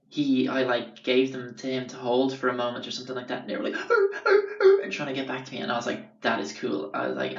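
A man's voice: mid-range voice, gravelly, a bit bright. Rambling young Irish man telling stories. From Ireland. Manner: rambling, sweary, lots of fillers. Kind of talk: casual storytelling. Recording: roomy, distant, dull sound.

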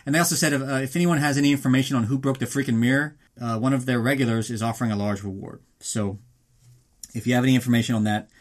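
A man hosting a podcast, recapping a film in a casual, sarcastic, profane way and slipping into quick mock voices. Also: mid-range voice. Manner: reads a mock ad in an upbeat announcer tone.

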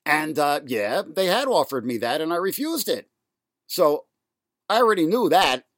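Indignant man ranting, slightly high voice. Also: sing-song, a bit bright, no echo, studio quality. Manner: indignant, sarcastic, halting with many fillers. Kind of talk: ranting monologue.

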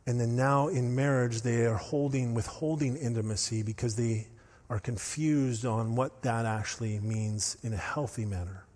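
A man preaching a sermon as pastor, telling stories with animated, rising intensity. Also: mid-range voice, normal speed. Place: church hall. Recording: long hall reverb.

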